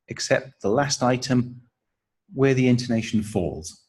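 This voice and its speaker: A man working as a teacher trainer, giving a measured, explanatory walkthrough of classroom pronunciation activities. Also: medium pitch, expressive, a little mellow, slightly rough, poor audio. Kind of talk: instructional explanation.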